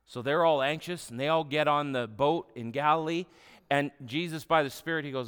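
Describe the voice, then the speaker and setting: A male pastor preaches at a mid pitch, relaxed and humorous, retelling stories as if chatting. His voice carries with a long reverb through a large hall. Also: fairly quick, clear, resonant tone. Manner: conversational, humorous storytelling. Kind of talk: sermon.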